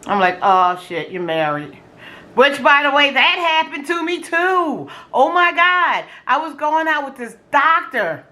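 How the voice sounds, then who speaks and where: A middle-aged woman vlogger telling dating stories in casual, animated chat while eating on camera, slangy and quick to exclaim. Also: high-pitched. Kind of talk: casual storytelling during a food challenge.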